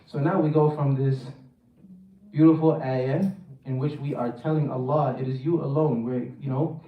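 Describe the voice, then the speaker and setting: A man's voice: mid-range voice, steady tone, normal speed, narrow, tinny audio. A man teaching a Quran recitation workshop, drilling pronunciation and repeating words for the class to echo. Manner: chants the verse in a melodic recitation. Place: mosque hall. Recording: roomy echo, mic at a distance.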